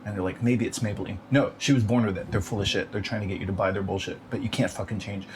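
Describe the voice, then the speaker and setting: A man's voice: on the low side, steady tone, fast. A man delivering a bitter, profane, rambling rant on his own. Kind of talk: ranting monologue. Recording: noisy background.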